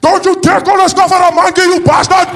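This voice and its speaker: A man voicing an indignant Afrikaans man who shouts down a racist on behalf of his friend. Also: flat delivery, fairly quick, a little hiss or hum. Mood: outraged. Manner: outraged, shouting, high-pitched.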